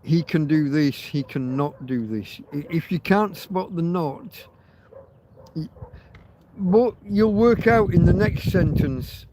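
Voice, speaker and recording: A man's voice: fairly high pitch, expressive, takes it slowly, dark tone, a little hiss or hum, rough recording. A man hosting a livestream, chatting in a rambling way with many fillers and restarts. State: laughing through tears. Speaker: livestream host. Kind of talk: rambling casual chat.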